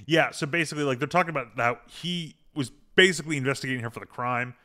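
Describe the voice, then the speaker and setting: Man, podcast host, loose recap talk, filler hums, bright clear tone. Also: medium pitch, fast. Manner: rambling, retells scenes with filler hums. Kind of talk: casual episode recap chat.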